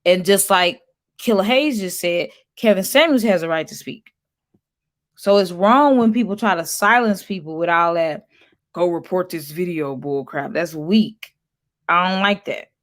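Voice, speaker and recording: A woman's voice: lowish voice, unhurried, fairly bright tone. A woman hosting a casual livestream, chatting loosely and reading viewer comments aloud as she talks back to them. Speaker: livestream host.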